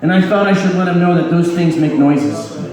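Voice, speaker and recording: A man performing a live stand-up set of crude one-liners, delivered deadpan with a dry "you're welcome" tag. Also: high voice, brisk. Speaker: stand-up comedian. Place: comedy club stage before a laughing audience. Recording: echoey room, distant mic, crowd laughter.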